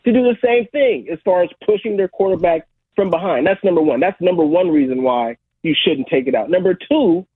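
A man's voice: high voice, fairly quick, few pauses, slightly rough, no echo. A former football player calling in as a guest analyst on sports radio, talking emphatically and tagging his points with "all right?". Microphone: phone call. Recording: tinny phone line.

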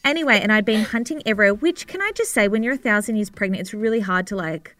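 A woman's voice: mid-range voice, lively intonation, fast talker, fairly bright tone, dry recording. Chatty woman, dry close sound. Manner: chatty storyteller, laughs often. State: pregnant. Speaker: podcast co-host. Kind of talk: casual chat.

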